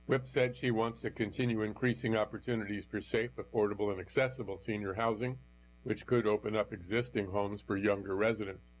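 A man reading news articles aloud in a steady, even delivery. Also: fairly low pitch, fairly quick. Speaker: news reader. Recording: dull lo-fi audio with mains hum.

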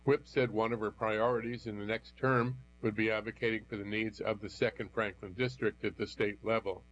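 A man's voice: on the low side, normal speed. Man reading the news over hum. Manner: even, steady read-aloud delivery. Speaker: news reader. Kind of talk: reading news articles aloud. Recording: dull lo-fi audio with mains hum.

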